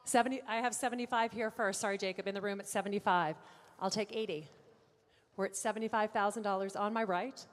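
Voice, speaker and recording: A woman auctioneer calling bids at a live car auction, brisk and playful with the bidders. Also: mid-range voice, fairly even intonation. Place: large auction room. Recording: long hall reverb.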